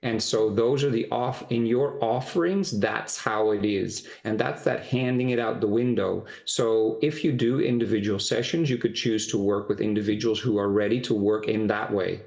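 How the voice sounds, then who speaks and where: Low-voiced man coaching with encouragement. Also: vocal fry, a little mellow. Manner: encouraging, flowing, drawn-out emphasis. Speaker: spiritual teacher. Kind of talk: private spiritual coaching session.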